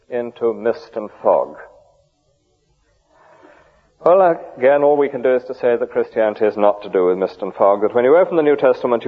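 A man preaching a sermon, rhetorical with vivid emphasis and dry humour. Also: medium pitch. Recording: tinny, phone-like old radio broadcast.

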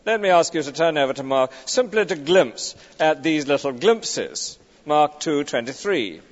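A man's voice: fairly high pitch, sing-song, measured pace. Guy preaching, emphatic w/ rhetorical questions, sound a bit dull n muffled. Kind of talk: expository sermon. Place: large church. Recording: dull recording with long church reverb.

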